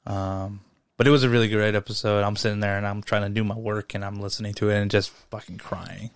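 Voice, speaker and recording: A young man co-hosting a casual podcast, rambling and swearing freely as he retells stories with animated asides. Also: lowish voice, fast, clear, resonant tone, dry recording, clean studio sound. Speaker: podcast co-host. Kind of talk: casual chat.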